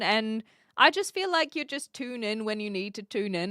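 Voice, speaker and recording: A woman from New Zealand chatting playfully with her stream viewers. Her voice sits a little high and sounds bright and crisp. The recording is close and dry. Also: lively intonation, moderate pace, no echo. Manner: chatty, playful, self-deprecating, with frequent restarts. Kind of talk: casual live-stream chat answering viewers.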